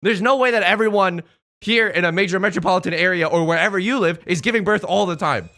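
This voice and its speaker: A man's voice: high-pitched, fast, bright, forceful tone. A young man from the United States giving casual, joking commentary while playing a game, rambling to himself and his viewers. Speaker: let's play host.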